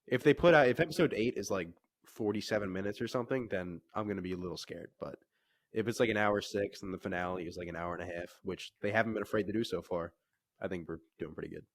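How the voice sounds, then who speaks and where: A man's voice: low voice, fast talker, no room sound. A young man co-hosting a podcast, laid-back, mostly giving short agreeing replies. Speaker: podcast co-host. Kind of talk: casual chat.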